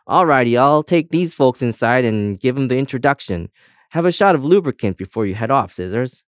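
A man's voice: medium pitch, expressive, a little fast, dry recording, studio quality, pitched above the performer's own voice, natural voice. A man voicing a cheery, folksy male sheriff made of spectacles, talking in a hearty, jokey drawl.

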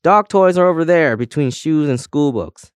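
A man's voice: fairly high pitch, lively intonation, normal speed, smooth, no echo, studio quality, pitched above the performer's own voice, close to an everyday voice. A man doing a snappish tin opener official. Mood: bossy. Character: bossy female tin opener ticket officer.

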